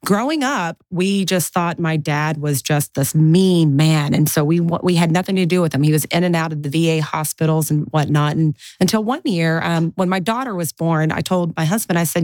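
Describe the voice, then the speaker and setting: A woman in her forties, a guest in an interview, chatting and telling animated stories from her life. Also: sits low, a little fast, no echo. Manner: chatty, animated, mimics family voices in anecdotes. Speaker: guest, real estate investor. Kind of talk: casual interview storytelling.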